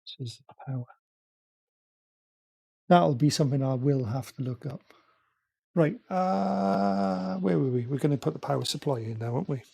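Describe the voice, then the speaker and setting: A man muttering quietly to himself as he chats casually on a live stream, talking through a build. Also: mid-range voice, expressive, normal speed, creaky, pauses often, breathy edge, dry recording. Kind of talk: casual live-stream chat while working.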